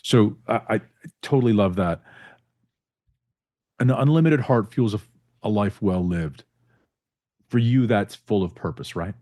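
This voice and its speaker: Low mellow-voiced male podcast host. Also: unhurried, long pauses, dry recording, studio quality. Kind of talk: conversational interview, then scripted reflective outro.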